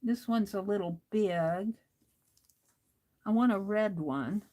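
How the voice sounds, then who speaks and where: A woman's voice: medium pitch, slow, mellow, low-quality recording. An older woman hosting a crafting livestream, talking to herself as she works and chatting with viewers, laughing often. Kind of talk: casual crafting chat while reading viewer comments.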